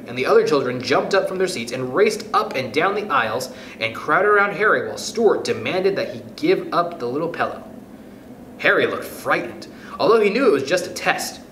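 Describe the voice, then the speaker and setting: Lively man reading a children's story. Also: on the high side. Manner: animated, expressive reading. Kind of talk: children's storybook read-aloud. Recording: echoey room, faint background noise.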